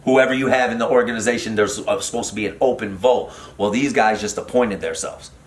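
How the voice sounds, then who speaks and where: Middle-aged man, comedian guest, animated and profane, roomy studio echo. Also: on the low side, fairly quick. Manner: animated, profane, many fillers and restarts. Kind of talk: casual storytelling chat. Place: podcast studio.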